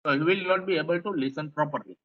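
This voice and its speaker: A man with an Indian English accent, his voice a little high and fast, gives a classroom lecture on a lo-fi recording. He explains points and keeps repeating and rephrasing them.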